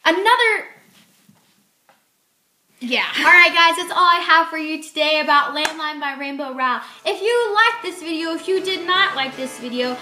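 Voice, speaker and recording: A woman's voice: very high voice, animated, normal speed, pushed and bright, reverberant, a little hiss or hum. A woman chatting casually in a book talk vlog, retelling a story and acting out quotes. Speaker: book reviewer.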